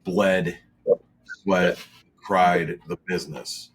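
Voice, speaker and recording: A man's voice: low-pitched, level tone, drawn-out words, a little hiss or hum. A man talking casually in a podcast chat, rambling with lots of fillers and restarts.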